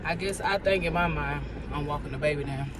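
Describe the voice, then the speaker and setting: A woman's voice: deep voice, a little fast. A woman in her thirties, an expecting first-time mom, chatting casually and rambling straight to her viewers in a vlog. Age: 30s. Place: out shopping and walking to her car, then in the car. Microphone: handheld phone. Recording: outdoor phone recording with traffic noise.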